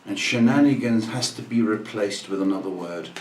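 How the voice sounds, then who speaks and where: Grumbling low-voiced man, dry mock-drama. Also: moderate pace, far from the mic. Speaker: livestream host. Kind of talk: casual chat. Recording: echoey room, off-mic, faint noise.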